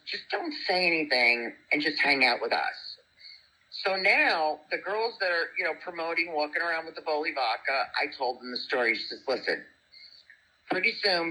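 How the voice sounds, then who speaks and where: A woman, a guest telling a story in animated, chatty talk. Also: low voice, low-quality recording. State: single parent. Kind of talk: casual storytelling chat.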